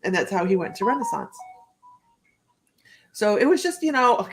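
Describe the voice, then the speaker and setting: A woman's voice: mid-range voice, big pitch swings, moderate pace, long pauses. A woman hosting a casual live stream who rambles, laughs often and greets viewers by name as she reads their comments. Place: home, indoors.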